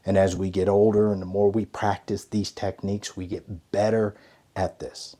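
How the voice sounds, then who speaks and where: A man giving a motivational leadership lesson, emphatic and conversational, swinging between loud stresses and hushed asides. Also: sits low, level tone, normal speed. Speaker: ethics and leadership coach. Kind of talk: motivational teaching talk.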